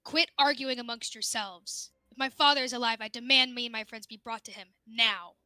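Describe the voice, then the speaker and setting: A woman's voice: on the high side, steady tone, normal speed, pushed and bright, no room sound. A woman playing a proud exiled elf mage. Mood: commanding. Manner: commanding, formal.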